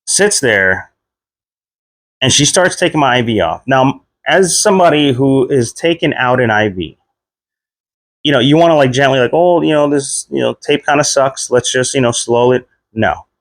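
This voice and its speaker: A man in his thirties casually telling a personal story, leaping up in pitch whenever he replays his own reactions. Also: no echo, clean studio sound. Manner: animated retelling, voice jumps high when quoting himself. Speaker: vlogger.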